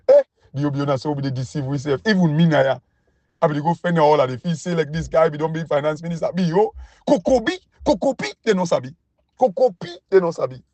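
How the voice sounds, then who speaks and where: A man with a Sierra Leonean Krio accent rants about politics in a mocking, repetitive way, his somewhat high voice leaping higher still in disbelief. The recording is close and dry, with no room sound. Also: darkish tone, dry recording. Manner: mocking, repetitive, emphatic, pitch leaps high when incredulous. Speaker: political commentator. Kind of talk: animated political rant.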